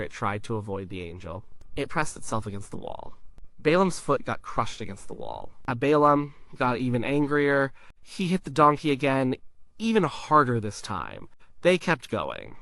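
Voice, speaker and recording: A man's voice: mid-range voice, a bit bright, no echo. Man narrating a Bible story, emphatic. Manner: short simple sentences, emphatic repetition.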